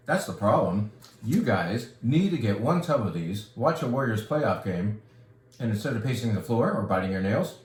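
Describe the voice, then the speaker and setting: Man, low voice, wine shop host, enthusiastic rambling chat. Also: very animated, normal speed, reverberant, slight background noise. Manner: enthusiastic, rambling, jokey asides. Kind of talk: casual product talk and wine tutorial.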